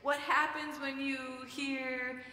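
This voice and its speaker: A woman's voice: high-pitched, level tone, takes it slowly, pushed and bright. A woman pastor leading prayer and then giving a playful, coaxing children's message during a church service. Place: church sanctuary. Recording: echoey church hall with long reverb.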